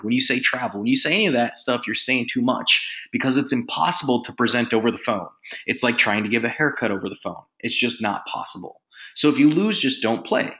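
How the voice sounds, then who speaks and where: Male sales trainer, motivational and emphatic, acts out quick phone-call examples. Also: mid-range voice, a bit bright. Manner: emphatic, punchy, acts out sample phone calls.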